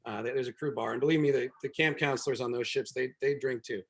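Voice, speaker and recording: A man's voice: medium pitch, steady tone, quick pace, vocal fry. A man doing a wry stand-up set and hosting a show from home over a video call, rambling with many ums and restarts. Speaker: comedian and show host.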